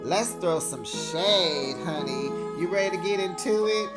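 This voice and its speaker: A man's voice: high voice, lively intonation, measured pace, over loud music. A man hosting a casual reality TV recap, sassy and chatty, with lots of fillers and asides. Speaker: recap host.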